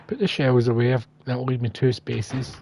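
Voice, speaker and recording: A man's voice: medium pitch, moderate pace, mellow. A man hosting a gaming livestream, chatting casually and self-deprecatingly as he thinks aloud through the game. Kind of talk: casual gameplay commentary.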